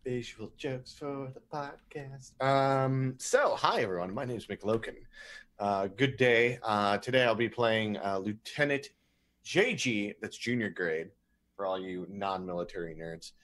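A man's voice: on the low side, unhurried, fairly bright tone. A man introducing his character in a rambling, crude, joking way. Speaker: player. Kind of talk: casual chat.

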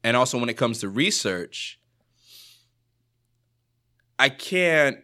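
A young man from Jamaica, a student guest in a casual podcast chat, talking in an animated, slangy way and laughing often. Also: mid-range voice, slow.

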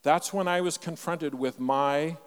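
Brief: older male preacher from Canada, emphatic storytelling sermon, slightly high voice, reverberant sanctuary. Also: measured pace, clean tone. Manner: storytelling, emphatic, varies loudness widely. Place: church.

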